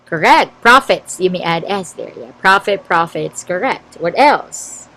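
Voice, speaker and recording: A woman's voice: on the low side, animated, unhurried, pushed and bright, poor audio. A woman with a Filipino English accent, teaching an online class and reading out and checking her students' answers in a word game. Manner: checks answers aloud, encouraging.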